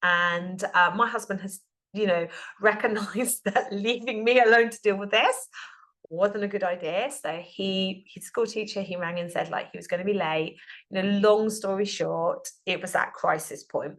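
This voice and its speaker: A woman's voice: mid-range voice, normal speed, fairly bright tone. A woman hosting her own podcast, talking in a heartfelt, rambling way full of fillers and restarts. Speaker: podcast host and business coach. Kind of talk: casual solo podcast monologue.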